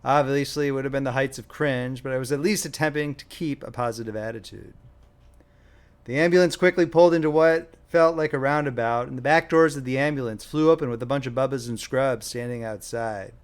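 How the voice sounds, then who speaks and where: A man's voice: mid-range voice, fairly quick. Young man narrating his own audiobook wryly. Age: young adult. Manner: wry, self-deprecating. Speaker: author and narrator.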